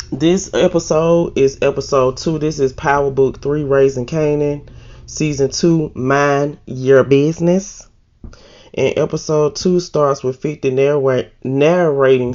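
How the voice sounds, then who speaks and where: A woman's voice: low voice, a little mellow, highs cut off. A woman casually recapping a TV episode in a loose, slangy way and laughing at herself. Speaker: TV recap host.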